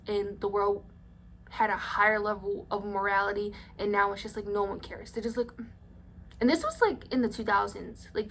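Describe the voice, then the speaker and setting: A woman's voice: medium pitch, fairly bright tone, slight background noise. A young adult woman telling a story-time vlog in a blunt, indignant way, swearing freely. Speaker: vlogger.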